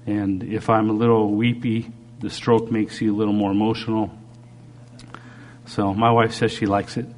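A middle-aged man preacher giving a halting, earnest personal testimony during a sermon while recovering from a stroke. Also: lowish voice, level tone, a little mellow. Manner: earnest, halting, with frequent restarts.

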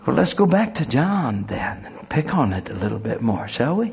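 A man's voice: medium pitch, sing-song, normal speed, creaky, darkish tone, slightly rough. A middle-aged man preaching a sermon and leading a spoken prayer, folksy and conversational, rising into fervent emphasis.

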